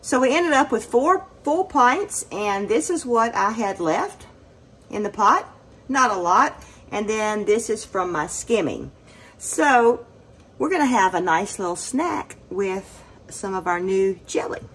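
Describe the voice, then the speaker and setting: A friendly woman with a drawl talks viewers through her canning in a home kitchen. Her voice sits at a middling pitch, and she keeps up an easy, chatty running commentary on each step as she works. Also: animated, unhurried. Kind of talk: casual cooking demonstration.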